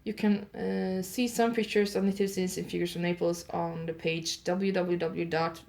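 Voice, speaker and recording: A woman hosting an audio advent calendar show. She reads holiday facts in one improvised take, pauses with "uh" to fix her pronunciation, and adds chatty asides to her listeners. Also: on the low side, little pitch movement, gravelly, darkish tone. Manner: reads steadily, stops often with "uh" to correct her pronunciation.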